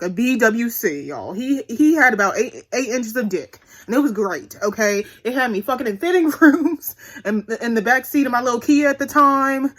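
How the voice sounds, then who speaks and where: Young woman spilling a story to her viewers, cussing a lot, high bright voice. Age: 20s. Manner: blunt, profane, chatty storytelling addressing viewers. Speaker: vlogger. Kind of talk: candid storytime vlog.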